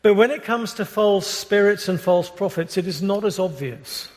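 A British man preaching a sermon as pastor, earnest and measured, often restarting his phrases. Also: sits high. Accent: British English. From Britain. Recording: long reverb of a large hall.

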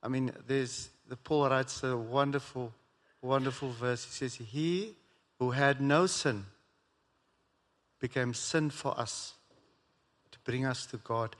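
Earnest, halting man in a hall. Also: medium pitch, a bit bright. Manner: halting, earnest, many restarts. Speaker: guest. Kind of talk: live conversation on stage. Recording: echoey hall.

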